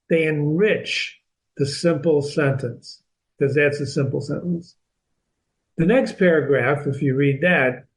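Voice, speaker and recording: A man's voice: fairly high pitch, low-quality recording. A man hosting a reading lesson who explains a novel step by step, repeating and restarting words as he stresses key points. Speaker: literature teacher and channel host.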